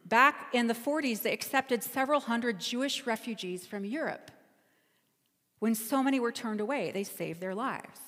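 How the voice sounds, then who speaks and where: A woman's voice: a little high, normal speed, a bit bright, long reverb tail. A woman pastor giving a sermon, telling a travel story in a conversational, storytelling way. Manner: storytelling, conversational, self-correcting.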